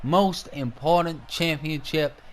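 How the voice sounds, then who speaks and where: Brash high-voiced male wrestling commentator. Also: takes it slowly, a little hiss or hum. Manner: brash, trash-talking, swears a lot. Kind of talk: profane play-by-play commentary.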